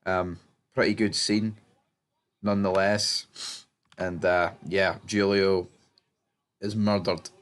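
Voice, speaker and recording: A man's voice: low-pitched, little pitch movement, slow, long pauses. A man casually recapping TV episodes, blunt and rambling, swearing freely and restarting sentences. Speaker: TV show reviewer.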